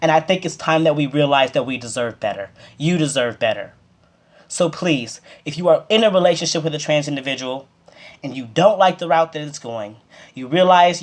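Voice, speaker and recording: A vlogger giving heated, impassioned advice straight to the camera, scolding with emphatic repetition and swinging up to loud, forceful peaks before dropping back to a steady, lower tone. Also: fairly quick. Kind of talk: direct-to-camera advice rant.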